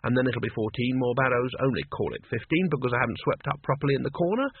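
A man's voice: mid-range voice, lively intonation, fast talker, a little hiss or hum, close to an everyday voice. A man reading an audiobook, voicing a mild, polite teenage boy who answers patiently. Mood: mumbling. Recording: tinny lo-fi phone-like audio.

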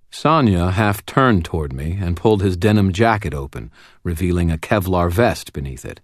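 A man reads a first-person audiobook in a wry, steady way. His voice sits very low, and the recording is dry and close with no room sound. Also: moderate pace, no room sound. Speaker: audiobook narrator.

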